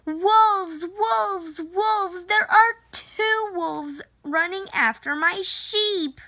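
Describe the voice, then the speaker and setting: A woman voicing a bored young shepherd boy in a storybook read-aloud, with drawn-out, sighing complaints. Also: on the high side, bright, forceful tone, full character voice. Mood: yelling.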